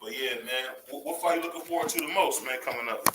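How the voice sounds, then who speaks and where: Bright-voiced, animated man chatting boxing. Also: medium pitch, fast talker, reverberant, a little hiss or hum, rough recording. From Cleveland, USA. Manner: animated, laughs often, repeats phrases. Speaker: podcast host. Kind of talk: casual boxing chat.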